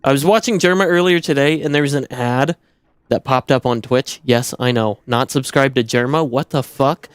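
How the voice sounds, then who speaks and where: A man streaming, telling a casual story in an animated, incredulous rant and swearing a lot. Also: medium pitch, moderate pace, smooth, dry recording.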